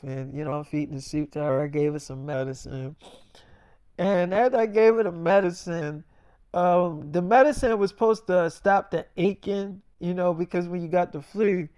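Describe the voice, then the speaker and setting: A man's voice: fairly high pitch, dark tone, clear, resonant tone, no room sound, clean studio sound. Man rambling through a casual story.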